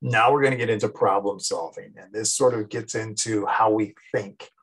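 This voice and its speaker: A man's voice: lowish voice, steady tone, normal speed, a bit bright, slightly rough, rough recording. A man in his fifties, a psychology teacher, giving a conversational recorded lecture and acting out everyday examples. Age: 50s.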